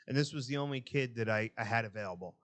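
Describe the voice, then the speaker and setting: A man swaps stories on a casual podcast. He is profane and animated and jumps into other people's voices as he tells it. His voice sits in an ordinary middle range. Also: mid-range voice, fast talker. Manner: profane, animated storyteller acting out quotes. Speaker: podcast co-host. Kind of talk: casual storytelling chat.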